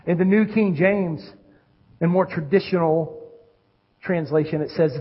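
A man, a pastor with children, preaching a sermon with animated swings between loud calls and hushed lows. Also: moderate pace, husky, muffled recording. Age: adult with children.

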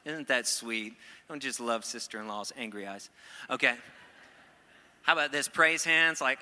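A middle-aged man preaching a sermon, playful and animated at first, then earnest. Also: mid-range voice, normal speed, pauses often, clear, resonant tone, long reverb tail. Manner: playful, acts out quoted voices, then earnest. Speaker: pastor.

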